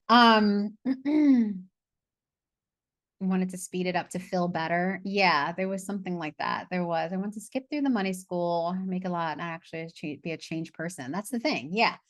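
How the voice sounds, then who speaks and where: A woman's voice: fairly low pitch, no echo, studio quality. Chatty, laughing woman coach on a call. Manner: chatty, laughs and swears, loses her train of thought. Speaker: money coach leading a masterclass. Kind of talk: casual live online class. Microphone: video call.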